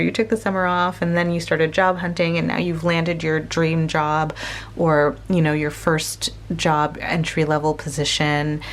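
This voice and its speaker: A woman giving a casual spoken tarot reading to her viewers, gentle and searching, pausing often and restarting her sentences. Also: sits low. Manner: slow, gentle, searching, with many pauses and restarts. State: tearful, emotional. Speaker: tarot reader.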